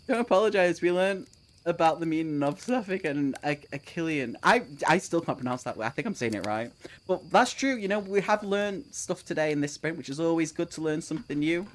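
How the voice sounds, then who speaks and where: Lively, giggly book streamer chatting live. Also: medium pitch. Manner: laughs often, swears freely, answers chat messages. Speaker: book streamer hosting a reading sprint. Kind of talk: casual live-stream chat.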